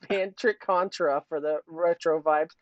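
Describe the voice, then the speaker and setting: A man's voice: on the high side, steady tone, slow pace, no echo. A man co-hosting a casual livestream chat, jokey and rambling, laughing often as he reads out the chat. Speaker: podcast co-host. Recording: dull lo-fi stream audio.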